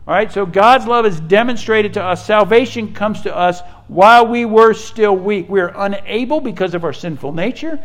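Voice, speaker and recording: A pastor preaching a sermon in an earnest, conversational way. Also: male voice, high voice.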